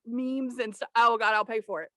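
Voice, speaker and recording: Female guest, upbeat higher voice, blunt and laughing, dry close mic. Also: steady tone, normal speed, a bit bright, no echo. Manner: blunt, laughing, swears freely. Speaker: podcast guest. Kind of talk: casual chat.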